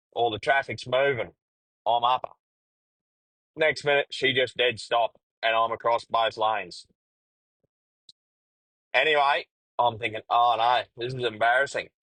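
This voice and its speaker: A man's voice: medium pitch, fairly even intonation, measured pace, pauses often, a bit bright, dry recording, rough recording. A middle-aged Australian man hosting a podcast, telling a casual, crude story from his truck-driving days and swearing freely. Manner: crude, swears freely, laid-back yarning. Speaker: podcast host; truck driver.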